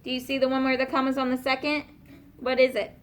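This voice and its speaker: A woman with a high, monotone voice teaches a class of young students, patiently asking questions and slowing down to spell out and explain words.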